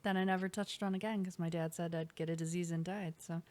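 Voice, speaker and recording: A woman with a somewhat low voice co-hosts a casual podcast chat in a home basement studio. She talks in a chatty way and acts out what people said as she tells her stories. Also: fairly even intonation, fast talker, a little mellow. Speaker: podcast co-host.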